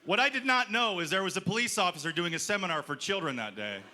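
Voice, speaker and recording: A man's voice: high voice, lively intonation, fast talker, pushed and bright. A man doing a stand-up comedy set on a festival stage, telling a story and acting out the lines of the people in it. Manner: storytelling, acts out quoted lines. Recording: live club with crowd and noise. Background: audience laughing.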